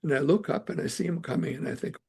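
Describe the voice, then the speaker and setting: An older man from Canada, a podcast guest, telling stories at an unhurried pace and drawing out his phrasing. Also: fairly high pitch, gravelly, warm tone, husky. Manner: unhurried storyteller, drawn-out phrasing. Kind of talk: storytelling in conversation.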